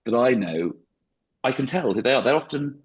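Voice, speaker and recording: A man's voice: mid-range voice, expressive, normal speed, slightly rough. A man, a stand-up comedian, talking reflectively in a podcast interview with frequent restarts.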